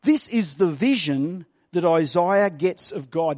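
High-voiced man preaching emphatically. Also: lively intonation, darkish tone. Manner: emphatic, repeats key words, slows down for scripture. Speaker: pastor. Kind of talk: sermon.

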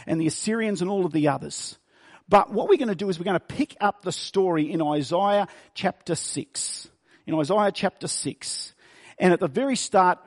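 A man preaching a sermon. He reads scripture slowly and stresses key words by repeating them. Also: high-pitched, a little mellow. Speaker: pastor.

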